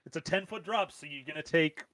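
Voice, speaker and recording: A man's voice: fairly high pitch, fairly quick, a bit bright, no room sound, studio quality. A man running a tabletop game as game master, making plain rules calls with a few fillers.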